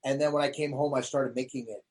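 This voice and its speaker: Speaking at a quick pace with a medium-pitched voice, a man appears as a comedian guest in an interview. He tells stories in casual chat, an animated storyteller who acts out the quotes.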